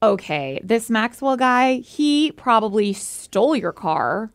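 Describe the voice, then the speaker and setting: A woman's voice: slow, no room sound, clean studio sound. A young woman co-hosting a casual talk show, retelling events dramatically and expressively. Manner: expressive, dramatic retelling with big pitch swings. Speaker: podcast co-host. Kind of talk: casual chat.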